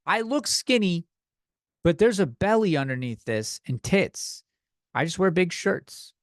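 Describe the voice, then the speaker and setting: A man's voice: high-pitched, sing-song, a little slow, no room sound, studio quality. Loose, swearing young man ranting. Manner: profane, loose and slightly tipsy. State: out of breath. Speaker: podcast host. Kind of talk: rambling comedic rant.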